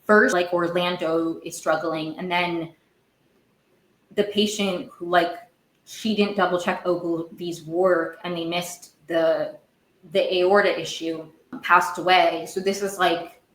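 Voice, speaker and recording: A podcast host with a lowish, steady, fairly bright voice rambles through a recap of a TV episode, correcting herself often and heating up quickly. The room is echoey and the audio quality is poor.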